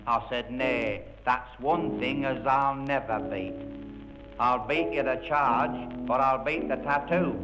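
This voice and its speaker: Over instrumental music, an older man delivers a droll comic monologue in broad Yorkshire dialect and accent, playing a stubborn, boastful Yorkshire veteran aged a hundred and two. His voice is medium-pitched and lightly acted, taking things slowly on a rough recording.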